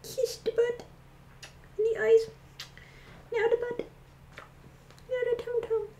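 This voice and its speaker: A woman's voice: extremely high pitch, flat delivery, slow pace, warm tone, voice pushed up. A woman cooing affectionate baby talk to her pet rabbit. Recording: echoey room.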